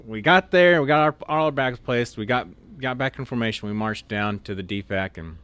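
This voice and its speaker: A man's voice: mid-range voice, brisk, a bit bright, smooth, dry recording. A young man from Oklahoma, an officer candidate, casually telling a rambling story full of "like" and restarts. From Oklahoma, USA. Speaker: interview guest, officer candidate.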